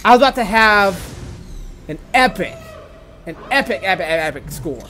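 A man giving casual gameplay commentary, excitable and quick to swear, stammering and restarting when worked up. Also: high-pitched, slight background noise. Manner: excitable, swings from gleeful to furious ranting. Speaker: gaming YouTuber.

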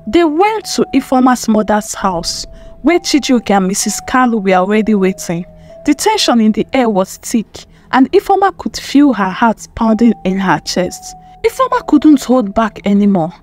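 A woman narrating a dramatic story in an expressive, emphatic way. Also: fairly high pitch, normal speed. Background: faint music.

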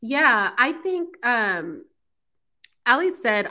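Bright-voiced, emphatic woman host. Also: mid-range voice, normal speed. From San Francisco, USA. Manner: animated, emphatic, frank. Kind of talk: casual call-in show chat.

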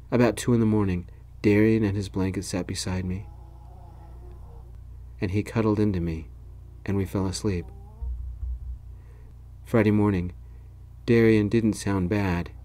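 A man narrating a story in the first person, in a gentle, soft-spoken ASMR style. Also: low-pitched.

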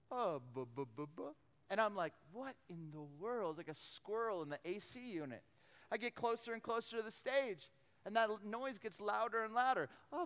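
A man preaching a storytelling sermon, animated, acting out voices and often repeating words as he goes. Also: very high voice, clean tone. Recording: long hall reverb.

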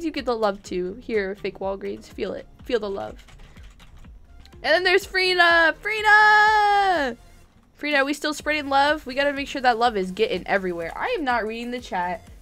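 High-voiced giggly woman streaming a game. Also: animated, brisk, a bit bright. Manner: playful, giggly, exclamatory. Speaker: gaming streamer. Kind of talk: live game commentary. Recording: faint game music behind.

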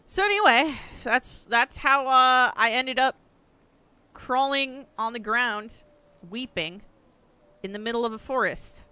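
A young woman giving excitable let's play commentary, swearing often and yelping at the screen. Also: sits high, slow, pauses often, noisy background. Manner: excitable, swears a lot, yelps and shouts at the screen. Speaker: gaming streamer.

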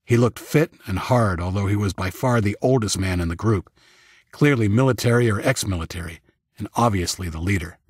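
A man narrating an audiobook in the first person with measured, scripted storytelling on a close studio mic. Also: on the low side, breathy edge, dry recording.

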